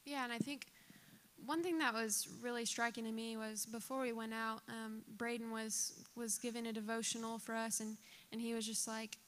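Flat-toned woman sharing a church reflection. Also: a little high, moderate pace. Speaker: mission team member. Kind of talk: church testimony talk.

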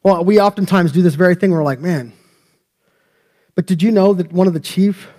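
A man's voice: sits high, fairly quick, mellow. A man pastor preaching a sermon in a church, talking conversationally and joking with the congregation. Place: church sanctuary.

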